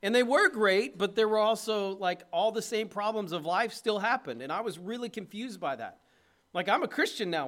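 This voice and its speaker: A middle-aged man preaches from the pulpit in a fairly high voice. He drives his points hard and loud, then drops into a soft, tender tone. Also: expressive, normal speed. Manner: impassioned preaching, swings between loud urging and soft tenderness. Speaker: pastor. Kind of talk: sermon.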